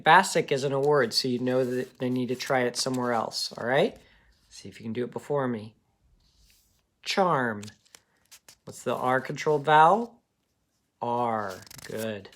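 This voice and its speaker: Male teacher, slow and patient, phonics lesson for kids, mid-pitched. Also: a bit bright. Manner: patient, checks in with "okay?" often.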